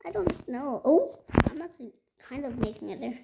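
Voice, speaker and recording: A woman giving casual gameplay commentary, excitable and easily frustrated, swinging between loud outbursts and whispers. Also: high voice, moderate pace, vocal fry, very noisy. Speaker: gaming video creator.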